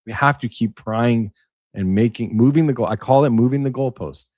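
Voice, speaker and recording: A man's voice: mid-range voice, normal speed, darkish tone, no echo, studio quality. A man hosting a casual livestream, rambling and emphatic, reading aloud and then riffing on it. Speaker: livestream host. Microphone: webcam setup.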